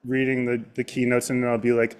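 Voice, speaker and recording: A man's voice: medium pitch, completely flat delivery, fast talker, smooth. Jokey man telling rambling stories. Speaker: co-host. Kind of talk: casual chat.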